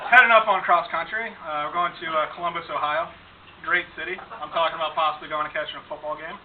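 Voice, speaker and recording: A man's voice: fairly high pitch, fairly even intonation, fairly quick. Male flight instructor, dry humorous speech, with fillers, on a distant, phone-like, noisy recording. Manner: dry storytelling with fillers and chuckles. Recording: far-off mic, phone-like sound, noisy room.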